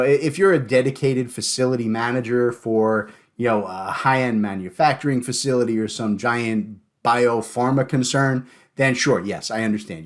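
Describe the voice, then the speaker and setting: A man hosting a podcast in casual chat, joking and animated, often stumbling and repeating words. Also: mid-range voice. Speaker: podcast host.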